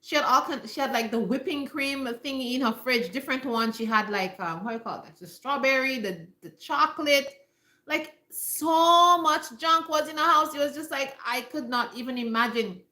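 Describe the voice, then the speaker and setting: A woman with a bright, sharp, fairly high voice gives casual live-stream health advice from home. She talks emphatically, hammers her points home by repeating them, and speaks straight to her viewers. The room sounds echoey. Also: moderate pace. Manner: emphatic and repetitive, addressing viewers directly. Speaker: health talk host.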